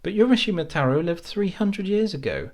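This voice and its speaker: A man's voice: high voice, very animated, brisk, darkish tone, voice pushed up. A man voicing a bewildered village man who insists on what he knows. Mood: incredulous. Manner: incredulous, insistent. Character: bewildered village man, mocking then grave.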